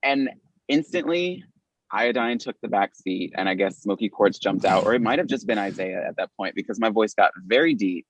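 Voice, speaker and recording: A man from Philadelphia, a drag performer and podcast guest, telling a story in casual, swearing, animated talk, jumping high in pitch when he acts out quotes. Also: normal speed, no echo, poor audio.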